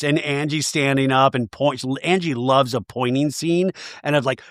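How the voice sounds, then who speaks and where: A man hosting a podcast, recapping a reality TV episode in a jokey, animated way and acting out the quotes. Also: mid-range voice, normal speed, smooth, no room sound, studio quality. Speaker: podcast host.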